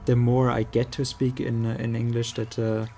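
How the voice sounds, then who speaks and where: A man with a German accent, a native German speaker, chatting casually with his audience while gaming and pausing often to search for words. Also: mid-range voice, flat delivery, creaky, dark tone, slight background noise. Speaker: streamer.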